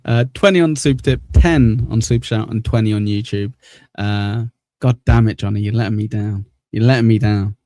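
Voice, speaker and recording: A man's voice: fairly low pitch, moderate pace, mellow. A man hosting a casual livestream, chatting, laughing and thanking viewers by name as he reads comments. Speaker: livestream host.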